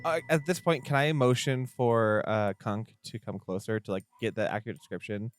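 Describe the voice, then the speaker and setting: A man playing a tabletop game, animated and enthusiastic. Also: on the low side, moderate pace, no echo, faint music behind. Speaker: player.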